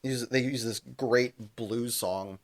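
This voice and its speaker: A young man, a podcast co-host, retelling a TV episode in casual chat, animated, laughing and swearing freely. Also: medium pitch, slow.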